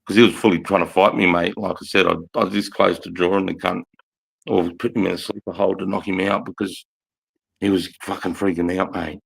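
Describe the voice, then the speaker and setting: Gravelly, swearing man telling stories. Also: sits low, level tone, a little fast, poor audio. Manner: rambling, swears constantly, keeps saying mate and bro. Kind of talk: casual storytelling chat.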